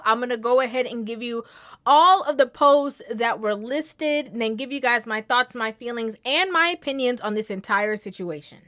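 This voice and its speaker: A woman hosting a casual commentary vlog, animated, often breaking into laughter and tossing in a questioning "okay?". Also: sits high. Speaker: vlog host.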